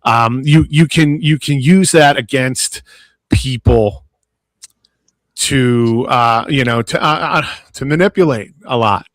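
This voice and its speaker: A man's voice: mid-range voice, slow, no echo, poor audio. A man from South Philadelphia with a Philadelphia accent, hosting a casual panel talk and speaking earnestly with many restarts. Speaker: podcast host.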